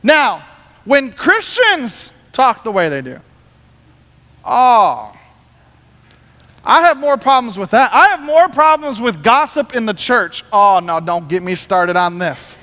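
A man preaching a sermon as pastor, talking in an animated, conversational way. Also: very high-pitched, slow pace, big-room sound.

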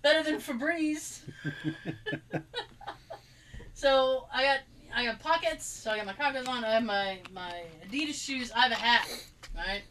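A woman telling a story in casual chat, animated and laughing, acting out quotes as she rants. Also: high-pitched, moderate pace, pauses often, slight background noise, poor audio. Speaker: co-host.

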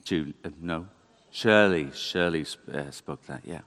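A man giving a conversational, animated sermon in a church. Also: very deep voice, a little slow. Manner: conversational, animated, self-deprecating. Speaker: preacher.

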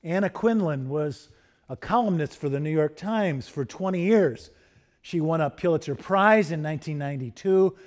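Pastor guy giving a sermon, kinda high voice, slows way down on the big lines. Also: a little mellow. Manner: storytelling, slows down to stress key phrases.

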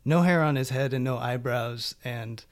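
A man's voice: mid-range voice, moderate pace. A man chatting casually about TV shows he has been watching, loose and rambling with lots of fillers.

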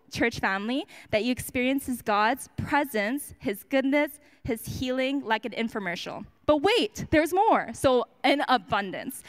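A woman's voice: a little high, a bit bright, clean tone. A woman giving a personal testimony at a church service, chatty and self-mocking, with lots of fillers and restarts.

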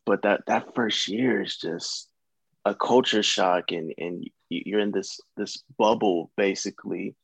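A young American man, an actor, chatting as a guest in a relaxed, rambling way with many fillers. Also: lowish voice, measured pace, gravelly, husky, dry recording. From United States. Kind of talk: casual interview chat.

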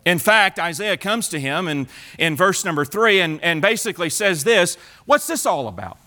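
A male pastor preaching a sermon, retelling the story in an animated way with many repeats and restarts. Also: high voice, normal speed.

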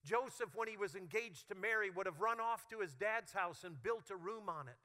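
Animated, bright-voiced male pastor. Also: sits high, normal speed. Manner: humorous, animated storytelling. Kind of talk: sermon.

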